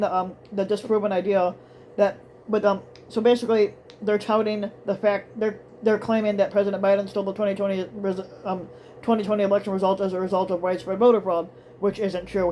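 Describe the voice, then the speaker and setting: Halting, flat-voiced political commentator. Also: medium pitch, slight background noise. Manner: halting, many ums and restarts, profane asides. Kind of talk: casual reading of news with commentary.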